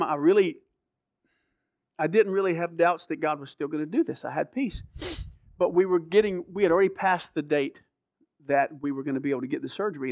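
A man's voice: fairly high pitch, a little mellow, dry recording, clean studio sound. A middle-aged man giving an earnest, emotional personal testimony as a guest, often restarting his sentences. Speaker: guest telling his story.

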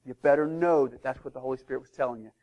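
A man preaching a sermon as pastor of his church, emphatic, swinging between loud declarations and hushed asides. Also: medium pitch, very fast, highs cut off.

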